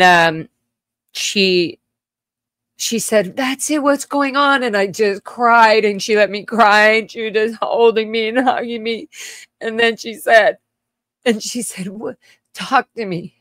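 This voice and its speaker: A woman hosting a livestream, telling her own childhood story in a halting, emotional way with blunt swearing and many restarts. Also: mid-range voice, dry recording, studio quality. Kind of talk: casual personal storytelling.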